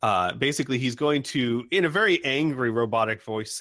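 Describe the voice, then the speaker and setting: Male game master, deliberate and thoughtful, bright tone, dry close mic. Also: mid-range voice, dry recording. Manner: deliberate, pauses to think. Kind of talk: running a tabletop game.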